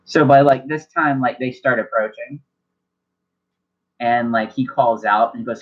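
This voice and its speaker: A man's voice: mid-range voice, a little slow, a bit bright. A man narrating as game master in a casual tabletop session, swearing freely and restarting his sentences. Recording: dull lo-fi home recording.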